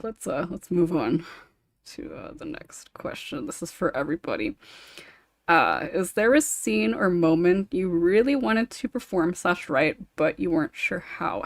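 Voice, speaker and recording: A woman hosting a casual panel podcast, reading out listener questions between frequent laughs. Her voice sits on the low side but swings up and down freely, with a gravelly fry at the ends of phrases. The sound is close and dry, through a remote call mic. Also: dry recording. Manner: laughs often, reads listener questions aloud. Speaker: podcast host.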